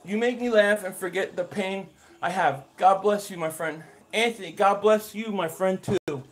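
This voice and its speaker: A man hosting a live reaction stream, calling the plays with excitement and answering his chat. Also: high-pitched, moderate pace. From Philadelphia area.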